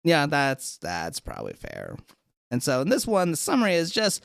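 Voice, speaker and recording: A podcast co-host casually recapping a TV episode, telling the story in an animated way and acting out the lines. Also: medium pitch, normal speed, vocal fry, dry recording, clean studio sound. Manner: animated storyteller, acts out quotes.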